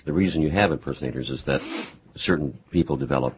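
A man's voice: a bass voice, fast talker, highs cut off, slight background noise. A man interviewing a guest, asking conversational questions.

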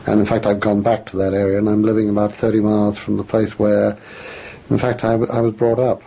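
Older English man, gravelly and low. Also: level tone, a little fast, warm tone. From England. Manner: reflective, self-deprecating, frequent restarts. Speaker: author and guest. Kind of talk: interview answers. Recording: dull lo-fi radio recording with faint noise.

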